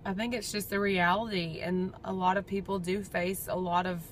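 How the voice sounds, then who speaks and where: A woman's voice: fairly low pitch, little pitch movement, normal speed, a little hiss or hum. A young woman, talking through a casual personal update vlog in a chatty, rambling, heartfelt way. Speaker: vlogger.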